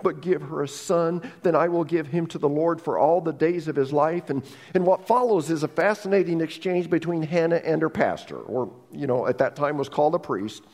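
A man preaching a sermon as a pastor, telling a Bible story with lively humor and asides. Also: on the high side, fairly quick, few pauses, long reverb tail.

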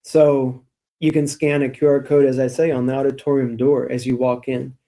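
A man co-hosting a weekly church podcast, with a mellow, darker tone. He talks in an easygoing, chatty way and tells stories with light laughs. His pitch sits in the middle range. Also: flat delivery, moderate pace. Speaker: church staff podcast co-host. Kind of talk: casual church podcast chat.

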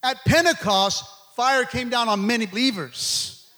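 Middle-aged man preaching, high voice, lots of repeating and calling out. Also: measured pace. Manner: preachy call-and-response, repeating words, shouting at peaks. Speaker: pastor. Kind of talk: sermon.

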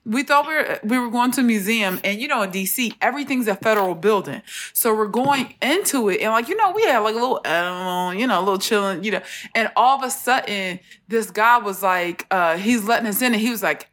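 A woman's voice: mid-range voice, brisk. Laughing woman host telling stories. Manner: laughing storyteller, animated retelling. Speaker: podcast host. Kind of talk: casual chat.

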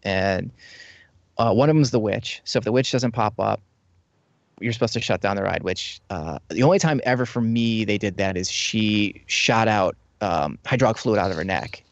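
In a casual chat, a man with a fairly low voice rambles through stories from his years as a theme ride tour guide, acting out the lines he used to say to guests. He speaks at normal speed, with no echo and the highs cut off.

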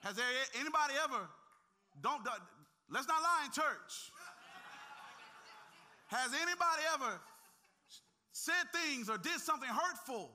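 A man preaching with a strikingly high, piercing voice that has a cutting, bright edge. He moves from quiet, conversational asides into impassioned, near-shouted climaxes. He talks straight to his congregation, teasing them along the way. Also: expressive, unhurried, long pauses. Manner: impassioned, swinging from hushed to shouting. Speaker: pastor. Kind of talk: sermon.

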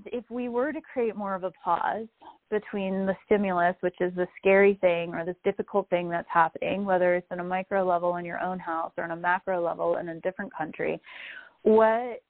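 Calm woman on a tinny call line. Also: medium pitch, no echo. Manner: calm, reflective, gently explanatory. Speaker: guest speaker. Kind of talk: spiritual wellness talk. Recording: tinny phone-line audio, dry.

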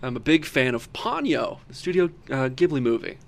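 A man's voice: mid-range voice, very animated, moderate pace, creaky. A man co-hosting a radio show, playful and teasing in loose banter. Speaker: radio co-host.

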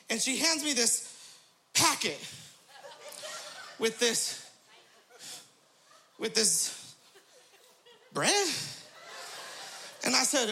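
Laughing bright-voiced pastor man. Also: very high voice, very animated, slow pace, pauses often, slight background noise. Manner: laughing often, peppers story with praise interjections. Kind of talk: humorous storytelling sermon.

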